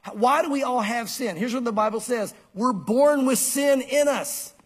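A man's voice: very high-pitched, moderate pace, slightly rough. A man preaching a sermon to a congregation, emphatic and conversational, repeating key phrases. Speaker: pastor. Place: church.

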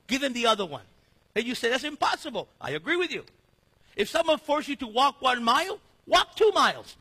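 Man, preacher, sermon, high lively voice, slightly husky, long hall reverb. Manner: animated preaching with sudden shifts between loud and hushed.

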